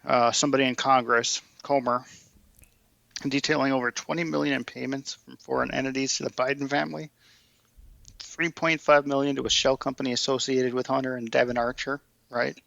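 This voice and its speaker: A man's voice: mid-range voice, level tone, fairly quick, gravelly, fairly bright tone, no echo, dull audio. A man co-hosting a podcast in casual chat, running through news details and checking in with "right?". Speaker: podcast co-host.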